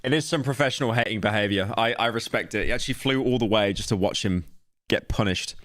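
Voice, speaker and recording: A man's voice: on the low side, fast, fairly bright tone, dry recording, clean studio sound. A man commentating casually on a live stream, making sarcastic jokes as he watches. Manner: joking, sarcastic asides. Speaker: streamer reacting to a video.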